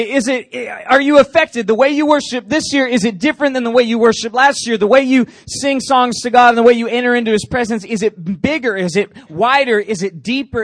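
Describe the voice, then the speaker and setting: Youth pastor, man, high voice, dry close mic, animated and playful with the crowd. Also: no echo. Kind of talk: youth sermon.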